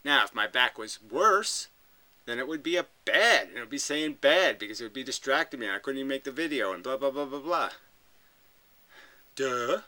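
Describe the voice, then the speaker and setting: A man's voice: mid-range voice, lively intonation, moderate pace, pushed and bright, poor audio. A man recording a reaction video, arguing back at a clip with emphatic, profane commentary.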